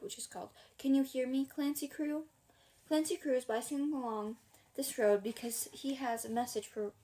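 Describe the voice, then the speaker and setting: A woman reading a children's novel aloud for a homemade audiobook. Her voice sits a touch high, and her delivery is casual and chatty, with little asides. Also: a little mellow. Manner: casual, breaks off to chuckle and comment. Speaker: audiobook reader.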